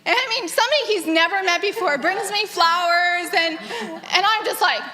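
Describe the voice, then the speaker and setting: Bright high-voiced woman in an echoey hall. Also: normal speed. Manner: earnest and animated, often laughing. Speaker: granddaughter sharing memories. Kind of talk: personal testimony to a gathering.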